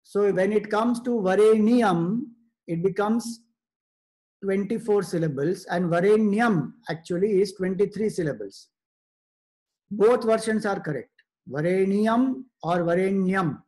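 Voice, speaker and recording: High-voiced man teaching scripture. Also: darkish tone. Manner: measured, explanatory, short phrases with pauses. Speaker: spiritual teacher. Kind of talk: spiritual discourse.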